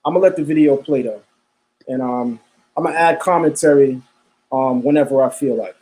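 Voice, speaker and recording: A man's voice: mid-range voice, brisk, mellow. A man hosting a live stream, talking casually, repeating himself and calling his viewers family. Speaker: livestream host.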